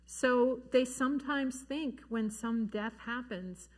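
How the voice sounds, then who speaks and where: A woman giving an earnest, gentle talk to parents about grief at a church forum, slowing down to stress key words. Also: fairly high pitch. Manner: gentle, earnest, slows down for emphasis. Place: church hall.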